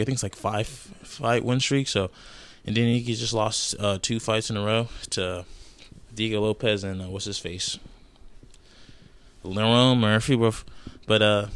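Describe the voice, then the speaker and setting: A man's voice: lowish voice, smooth, dry recording. A young man giving casual, heated, profane commentary on fight news, rambling with fillers and frequent outbursts. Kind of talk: casual chat.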